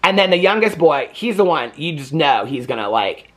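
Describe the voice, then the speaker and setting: A man's voice: on the high side, sing-song, normal speed, a bit bright. A man giving a casual, rambling movie recap, full of "like" and acted-out quotes. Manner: rambling, chatty, heavy filler "like", acts out quotes. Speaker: movie reviewer.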